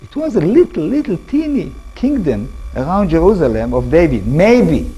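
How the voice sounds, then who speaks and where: An older man with an Israeli accent giving a lecture to an audience, in halting English, often restarting words and asking the listeners questions. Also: fairly high pitch, big pitch swings, warm tone, slightly rough, faint music behind, poor audio. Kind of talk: public talk to an audience.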